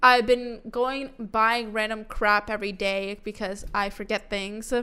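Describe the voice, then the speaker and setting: A young woman co-hosting a podcast, giving breezy, quick summaries in casual chat with some teasing. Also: mid-range voice, level tone, bright, forceful tone, clear, resonant tone. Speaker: podcast co-host.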